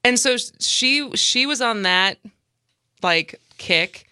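A woman in her thirties hosts a casual chat, her voice bright and crisp against a dry, close sound. She is lively and sarcastic and laughs easily. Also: a little high, slow, no echo. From Midwestern US. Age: 30s. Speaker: podcast host.

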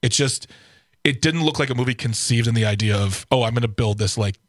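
A man's voice: mid-range voice, fairly quick, no room sound. Chatty male radio host, dry studio sound. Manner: chatty, rambling, laughs often. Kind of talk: casual studio banter.

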